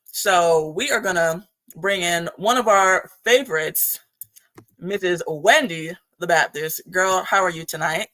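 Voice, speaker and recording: A woman's voice: on the low side, measured pace, fairly bright tone. A woman hosting a casual livestream chat, talking emphatically and with mockery. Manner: emphatic, mocking, laughs often. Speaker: livestream host. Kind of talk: casual live-stream chat.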